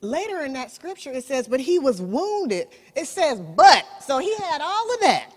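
A woman preaching a sermon. She calls for amens, uses folksy asides and swings from loud declarations to soft, drawn-out lines. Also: high voice, very animated.

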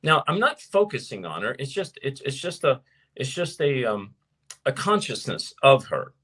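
A man preaching and teaching to his viewers as host of his show, emphatic, slowing down to stress points. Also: mid-range voice, breathy edge. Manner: animated and emphatic, slows down to stress key points. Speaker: preacher hosting a live show. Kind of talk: sermon-style teaching to a live audience.

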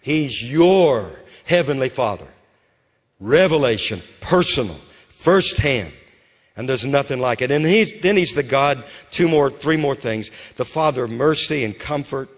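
A man preaching a sermon with a Southern American accent, rising to emphatic calls and dropping to hushed storytelling. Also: mid-range voice, lively intonation, normal speed. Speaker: pastor. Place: church sanctuary. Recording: church hall with long reverb.

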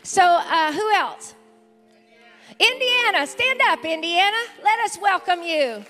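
A woman's voice: very high-pitched, expressive, slow, sharp tone, big-room sound. A woman pastor with a Southern accent, welcoming visitors from the pulpit in an enthusiastic, calling-out manner during a church service. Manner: enthusiastic, calls out to the congregation. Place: large church sanctuary with a congregation. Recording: live church service with music and crowd.

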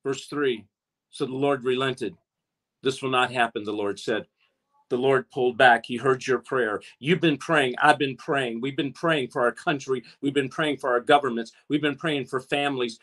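A man's voice: medium pitch, steady tone, a little slow, a bit bright. A man preaching an impassioned online sermon, with his voice rising as he exhorts his listeners. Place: streamed online, talking to a chat audience.

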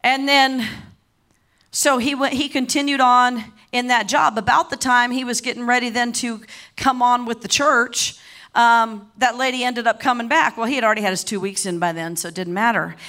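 A middle-aged woman preaching a sermon, impassioned and repeating herself often, rising to shouted declarations. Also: on the high side, steady tone, moderate pace. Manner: repeats and restarts words often.

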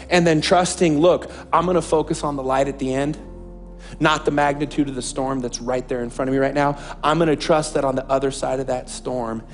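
A man preaching a sermon as a pastor, impassioned and repeating phrases for emphasis. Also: medium pitch.

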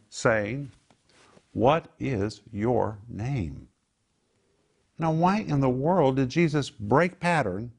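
A man with a slightly high voice preaches a sermon. His delivery is animated and emphatic, and he poses rhetorical questions only to answer them himself.

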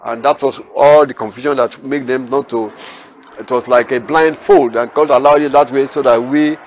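A man's voice: medium pitch, fairly even intonation, normal speed, slight background noise. A man teaching scripture verse by verse, explaining with repeated phrases and everyday examples and reading the verses aloud. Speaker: Bible teacher.

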